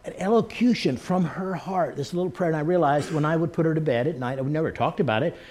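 Earnest in his storytelling, a pastor delivers a sermon in a medium-pitched, dark-toned voice, sharing personal stories and voicing the people he quotes.

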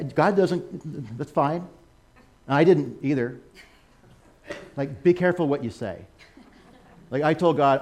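An American man giving a sermon over a slideshow, animated, with laughing asides and excited exclamations. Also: on the high side, takes it slowly, long pauses, slight background noise. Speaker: missionary speaker.

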